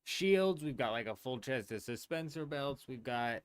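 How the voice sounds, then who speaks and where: A man's voice: mid-range voice, lively intonation, normal speed, clean tone, dry recording. A man streaming a game live, chatting casually and rambling with his viewers, dropping swear words as he goes. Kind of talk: casual livestream chat while gaming.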